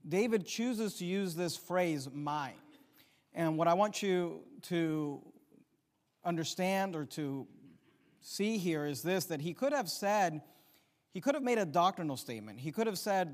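A man with a high-sitting, animated voice preaches at a measured pace. He delivers an emphatic sermon in a church sanctuary, repeating key phrases and rising in volume for emphasis, while the hall's long reverb rings out.

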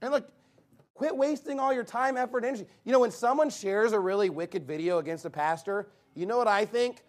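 A man's voice: high-pitched, brisk. A man preaching a sermon, emphatic and blunt, driving points home with rhetorical questions he answers himself.

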